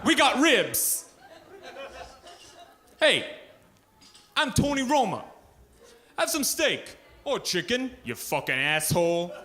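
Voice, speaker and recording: A man voicing a brash mobster-type restaurant pitchman who shouts insults at the viewer, as a stand-up bit. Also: big pitch swings, takes it slowly, pauses often, full character voice. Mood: brash aggressive.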